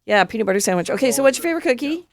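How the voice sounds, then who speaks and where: A woman's voice: fairly high pitch, lively intonation, rapid-fire, a crowd in the background. A woman hosting a radio show in a studio, talking in a playful, chatty, upbeat way. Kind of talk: casual on-air interview.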